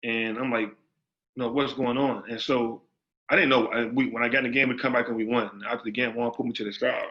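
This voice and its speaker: Speaking fast in a level, medium-pitched voice, a man who serves as associate head basketball coach answers interview questions emphatically. He keeps repeating phrases and uses street slang, and the audio is dull lo-fi.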